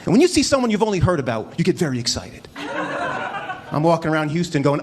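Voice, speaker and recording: A man doing a stand-up comedy set on a club stage, animated and mock-incredulous, acting out little voices as he tells his stories. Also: high-pitched, fast. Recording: live club recording with crowd noise. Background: audience laughter.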